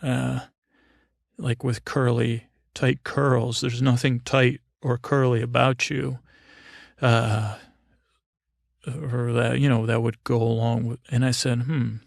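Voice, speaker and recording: A man with a gravelly, mid-pitched voice tells a wandering bedtime story in a dry, close recording. He stops and restarts often, fills gaps with ums and likes, and pokes wry fun at himself. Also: level tone, dry recording. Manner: halting and meandering, with many fillers and restarts; wry and self-deprecating.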